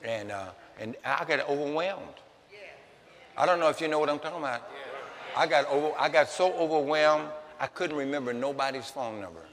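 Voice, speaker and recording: A man preaching with a high, forceful voice, often repeating words and restarting before rising to shouts. His sermon rings out with a long reverb in a church hall. A faint noise sits underneath. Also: fairly quick. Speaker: pastor. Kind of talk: storytelling sermon.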